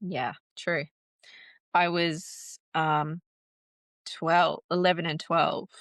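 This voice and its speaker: A woman recounting a painful personal story in an interview, halting and restarting, with nervous laughs. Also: low voice, level tone, fairly bright tone, dry recording. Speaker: guest telling her story.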